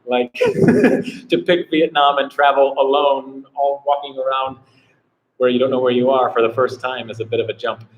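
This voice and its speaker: A man's voice: medium pitch, moderate pace, low-quality recording. A man hosting a casual live travel Q&A, rambling and filling his talk with "like". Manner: rambling, heavy on "like" fillers. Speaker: travel vlogger host.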